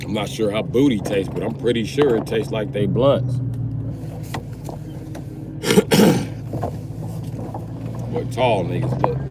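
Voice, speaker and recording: Slowly and with long pauses, a man rants crudely and jokingly on a live stream from his car, his pitch going up and down as he rambles. The recording is very noisy.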